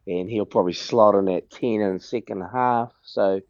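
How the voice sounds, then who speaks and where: A relaxed, chatty man, talking casually down a phone line. His voice sits a little low. The sound is dry and dull. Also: moderate pace, no echo. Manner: relaxed, chatty, mimics people in his stories. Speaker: golfer calling in as guest. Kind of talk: casual chat on a phone call.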